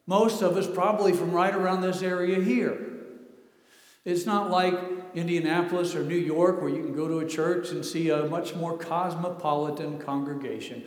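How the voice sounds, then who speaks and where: A man preaching a sermon in a church, earnest and emphatic, stressing slow phrases. He is from the Midwest. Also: on the high side, steady tone. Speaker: pastor. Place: church sanctuary. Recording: echoey hall reverb.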